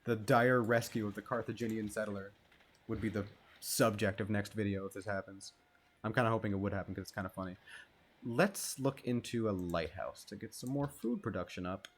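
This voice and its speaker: A man's voice: on the low side, brisk. A man giving casual, rambling gameplay commentary, joking and swearing as he plays. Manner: laid-back, rambling and joking, with frequent swearing. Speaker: gamer.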